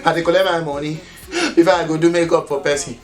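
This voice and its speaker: A man with a Nigerian Pidgin accent excitedly retelling a mishap in a comedy skit, breathless and chuckling as he talks. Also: a little high, fast. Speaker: comedian telling his own story.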